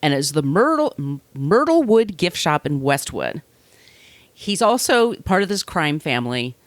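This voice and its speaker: A woman's voice: sits low, very animated, a little slow, dry recording. Chatty sardonic woman host, very dry sound. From Long Island, New York. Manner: chatty, sardonic, laughs often, slips into put-on voices. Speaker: podcast host. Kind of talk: casual storytelling chat.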